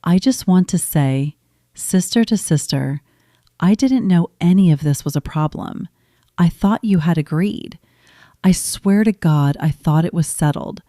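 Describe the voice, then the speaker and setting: A woman voicing a young adult younger sister who talks in a gushing, defensive rush, pitched above her usual voice. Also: expressive, a little slow, warm tone, dry recording, studio quality.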